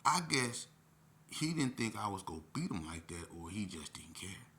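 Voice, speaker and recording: A man telling a personal story in a casual, animated way, with lots of profanity. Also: lowish voice, normal speed.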